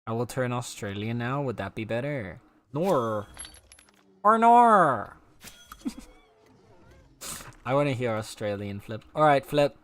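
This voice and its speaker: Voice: medium pitch, normal speed, long pauses. A game streamer chatting casually with viewers while playing, playful and teasing. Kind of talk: casual live-stream chat while gaming.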